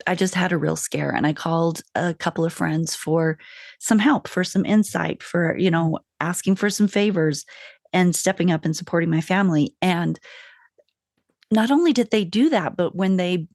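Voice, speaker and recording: A woman's voice: on the low side, normal speed, vocal fry, a little mellow, no echo, studio quality. A woman hosting a podcast in casual chat, telling stories with enthusiasm. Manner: enthusiastic, storytelling. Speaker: podcast host.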